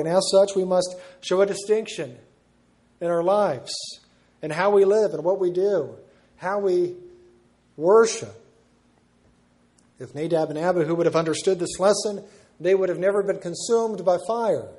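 A man preaching a sermon, slow and measured, repeating words for emphasis. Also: high-pitched, mellow.

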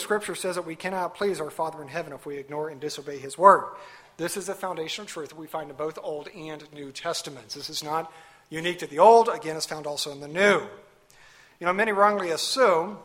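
Man, pastor, sermon, bright tense voice, somewhat high, emphatic, rhetorical questions.

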